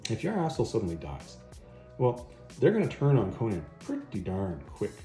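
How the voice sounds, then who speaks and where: A man's voice: on the low side, wildly swooping pitch, moderate pace, mellow, faint music behind. A man voicing a sly, scheming woman who plots in a comic recap. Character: scheming woman, a sorcerer's lover. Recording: echoey room.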